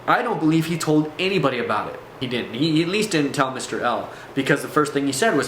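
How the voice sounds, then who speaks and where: A man's voice: medium pitch, expressive, fast, hardly any pauses, fairly bright tone, slight background noise. A man telling a personal spiritual testimony to camera, earnest and intense, often restarting his sentences. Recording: echoey room.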